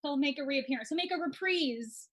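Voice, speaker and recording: A high-voiced American woman co-hosts a casual online quiz. She reads the questions out, breaks off for quick jokes and asides, and laughs often. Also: a bit bright, poor audio. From United States. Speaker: quiz co-host.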